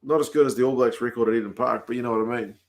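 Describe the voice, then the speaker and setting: A New Zealand man hosting a livestream, chatting casually and answering viewer comments aloud in a relaxed, talkative way. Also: mid-range voice, rapid-fire. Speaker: livestream host. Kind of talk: casual chat reading comments.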